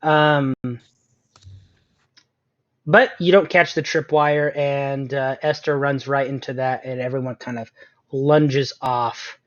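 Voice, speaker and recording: A man's voice: mid-range voice, steady tone, slow, pauses often. A man narrating as game master in a tabletop game, casually and with many fillers. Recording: dull lo-fi sound.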